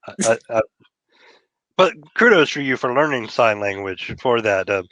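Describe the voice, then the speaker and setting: A man's voice: mid-range voice, expressive, normal speed, pushed and bright, dry recording, low-quality recording. A man from Texas, a comic book writer and guest, talking casually and chattily with lots of fillers. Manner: chatty, laughing, trails off in fillers. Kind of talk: casual interview chat.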